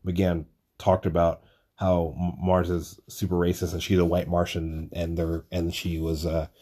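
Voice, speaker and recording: Low-voiced young man rambling casually. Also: completely flat delivery, measured pace, dark tone. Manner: rambling, swears a lot, self-deprecating. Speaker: podcast host.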